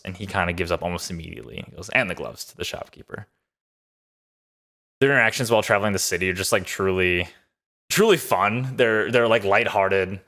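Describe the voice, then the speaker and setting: Reviewing a TV show, this man gives an enthusiastic, rambling episode recap packed with fillers. His voice sits low with a fairly bright tone.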